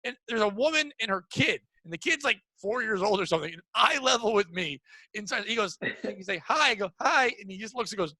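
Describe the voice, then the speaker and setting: A young adult man, a podcast co-host, telling a crude comedic story, animated and acting out the people in it. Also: high voice, brisk, dry recording. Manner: crude, animated, acts out voices in anecdotes.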